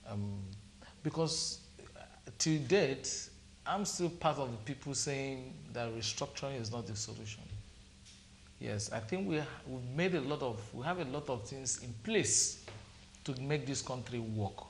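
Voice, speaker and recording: A middle-aged man with a Nigerian accent, a TV studio guest who talks in a measured way and tells a long story with quoted dialogue. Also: mid-range voice, expressive, a little hiss or hum. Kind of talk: TV panel discussion.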